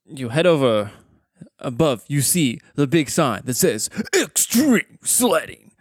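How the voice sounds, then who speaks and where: A man's voice: medium pitch, measured pace, no echo, studio quality. A man running a tabletop game as game master, narrating playfully.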